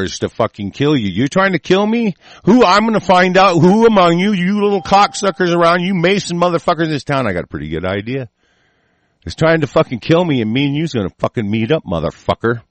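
An American man hosting an online show, delivering a profane, angry political rant that swings from muttering to shouting while sick. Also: a little high, sing-song, fairly quick, no echo. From United States.

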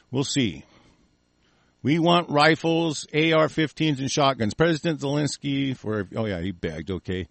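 A man hosting a small talk radio show, ranting with constant swearing, swinging between low muttering and angry bursts. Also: measured pace, gravelly, no echo. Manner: profane, shouting in bursts, mumbling asides. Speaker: radio host.

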